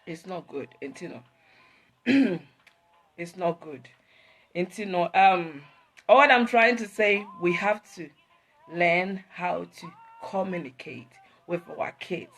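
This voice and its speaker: A woman's voice: fairly low pitch, expressive, slow, fairly bright tone. A woman, hosting an emotional live talk to her viewers, rambling and repeating herself as she switches between English and Twi. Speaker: online host talking to viewers.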